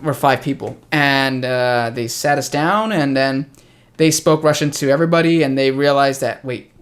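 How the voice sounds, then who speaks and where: A man's voice: mid-range voice, normal speed. A young man from the United States, an English teacher hosting a casual chat with a friend, telling stories and acting out the dialogue. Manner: animated storyteller, acts out quoted dialogue.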